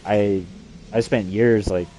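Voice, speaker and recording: A man's voice: on the low side, steady tone, takes it slowly, warm tone, slight background noise. A man from New Mexico delivering an agitated, profanity-laden rambling monologue. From New Mexico, USA.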